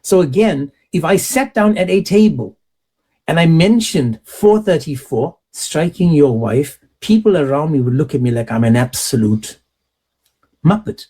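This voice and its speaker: A man's voice: a little high, lively intonation, unhurried, mellow, slightly rough. A man hosting an opinionated commentary monologue, emphatic and mocking, full of rhetorical scenarios. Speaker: host.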